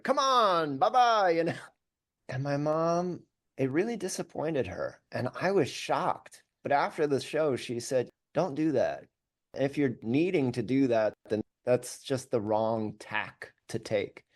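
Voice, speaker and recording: Male musician guest, mid-pitched, candid and animated, self-deprecating anecdotes. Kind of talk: casual storytelling interview.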